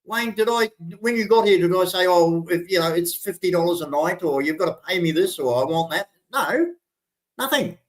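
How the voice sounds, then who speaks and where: A man's voice: sits high, animated, moderate pace. An older Australian man hosting a casual livestream chat, rambling and often repeating and restarting his words. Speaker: livestream host.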